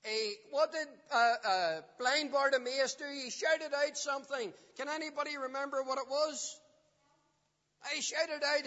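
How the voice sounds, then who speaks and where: A man's voice: extremely high pitch, a little slow, pushed and bright. A man giving a gospel talk to children and parents in a church hall, often putting questions to the children. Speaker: children's preacher. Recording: dull lo-fi sound with long hall reverb.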